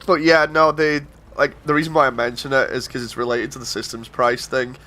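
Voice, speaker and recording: A man's voice: mid-range voice, steady tone, a little fast, sharp tone, faint music behind. A man streaming a game, rambling through an exasperated story with frequent laughs. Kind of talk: casual chat while gaming.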